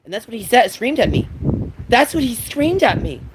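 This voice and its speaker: A high-pitched man rants to his stream chat in an agitated, rambling way, circling back and repeating himself. Loud traffic noise runs behind his voice throughout. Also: sing-song, moderate pace. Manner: agitated, rambling storytelling with repetitions. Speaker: livestreamer. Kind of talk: livestream chat, ranting to viewers.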